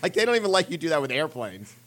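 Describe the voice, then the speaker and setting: A man's voice: fairly high pitch, big pitch swings, quick pace, a bit bright. A man in casual banter with friends, rambling and laughing as he retells film scenes. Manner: rambling, laughing, quotes lines from films.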